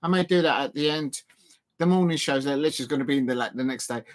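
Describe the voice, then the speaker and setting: During a live watch-along stream of a football match, a fast-talking man with a mid-range voice chats casually and comments on the play. He sits close to his desk microphone and rambles, running self-deprecating with plenty of fillers and restarts.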